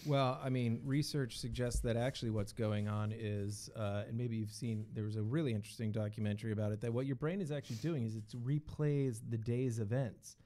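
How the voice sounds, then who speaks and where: This is a man hosting a podcast in loose, casual conversation. He talks in an animated, profane way and leans into stories with easy enthusiasm. His voice sits at an ordinary middle pitch. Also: brisk, few pauses. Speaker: podcast host. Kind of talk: casual chat.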